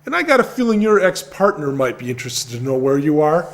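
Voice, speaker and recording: Guy playing a sly small-town schemer, drawly and threatening, bouncy pitch, radio soap. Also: sing-song, quick pace. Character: scheming small-town man blackmailing his cousin. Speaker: radio drama actor. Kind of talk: comic radio soap acting.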